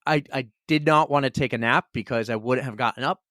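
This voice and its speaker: A man's voice: mid-range voice, fairly quick, no room sound. Chatty man telling a story, dry sound. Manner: animated storyteller, repeats phrases. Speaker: podcast co-host. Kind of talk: casual chat.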